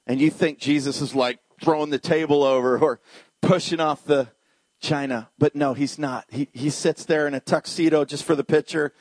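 Male pastor, high-ish husky voice, preaches with big emotional swings, addresses the crowd directly. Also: normal speed, no room sound. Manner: animated preaching, swings from shouted highs to hushed lows. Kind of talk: sermon.

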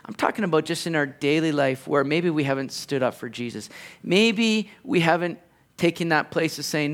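A man's voice: a little high, expressive, normal speed, fairly bright tone. A man preaching a sermon in an earnest, conversational way, with playful asides to the congregation. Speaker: pastor.

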